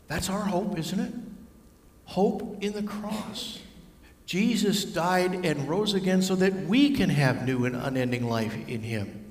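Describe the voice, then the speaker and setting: A man with a fairly high voice preaching a sermon in a church, telling the story vividly. The sound carries a long, echoing reverb from the large room. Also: animated, slow pace. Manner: storytelling, varies voice for figures. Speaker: pastor. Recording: echoey hall with long reverb.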